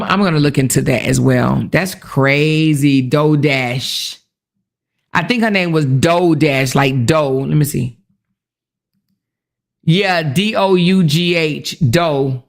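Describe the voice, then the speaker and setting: A woman's voice: low-pitched, slow, gravelly, long pauses. A woman hosting a casual livestream commentary, chatty, laughing often and reading comments aloud. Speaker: commentary host.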